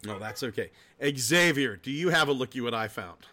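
A man hosting a casual podcast, telling stories in a profane, laughing, animated way. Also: mid-range voice, moderate pace. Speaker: podcast host. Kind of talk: casual chat.

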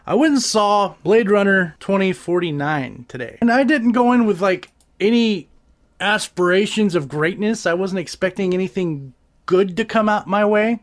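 Guy with a pretty high voice, swearing a lot while he rambles through a review. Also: normal speed. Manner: profane, animated, rambling with restarts. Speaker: podcast host reviewing gadgets and movies. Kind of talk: casual crude review chat.

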